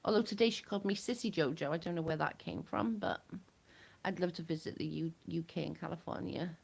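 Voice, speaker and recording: Gravelly low woman chatting. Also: fairly quick, darkish tone. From United Kingdom. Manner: chatty, blunt, swears freely. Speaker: livestreamer. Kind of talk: casual chat with viewers.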